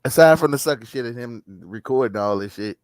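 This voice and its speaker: Dude cohosting a podcast, emphatic, dry close sound, mid pitch. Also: male voice, fairly quick, no room sound. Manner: laughing, reacting, emphatic. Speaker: podcast co-host. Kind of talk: casual podcast banter.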